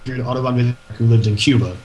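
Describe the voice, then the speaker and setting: A young man co-hosting a podcast in casual chat, riffing deadpan on absurd ideas. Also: medium pitch, fast talker, highs cut off, crowd noise. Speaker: podcast co-host.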